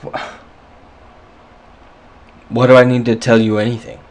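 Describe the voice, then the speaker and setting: A jumpy halfling under suspicion , voiced by a man running the game, who snaps back quick retorts. The voice stays close to an ordinary everyday man's. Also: mid-range voice, flat delivery, lightly acted. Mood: defensive. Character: nervous male halfling suspect, defensive.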